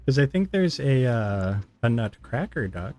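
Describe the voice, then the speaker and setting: A man's voice: medium pitch, sing-song, measured pace, darkish tone, soft background music. A tired, yawning man giving playful, chatty gameplay commentary while streaming. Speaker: gaming streamer.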